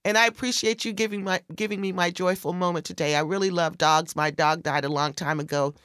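A woman tells a story in casual conversation, throwing her voice high for each quoted line. The sound is close and dry, with no room around it. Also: steady tone, brisk, fairly bright tone, smooth, no room sound. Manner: acts out quoted voices with big pitch jumps. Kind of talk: casual chat, animated storytelling.

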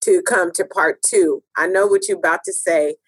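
A woman's voice: fairly low pitch, dry recording. A woman co-hosting a podcast, chatting casually and reflectively with her co-host and addressing the listeners. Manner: unhurried, reflective, talks to listeners. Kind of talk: casual chat.

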